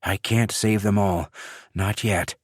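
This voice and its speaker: A man voicing a calm, confident young male warrior who speaks firmly and levelly. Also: mid-range voice, a little slow, dry recording, clean studio sound, voice pushed up, lightly acted.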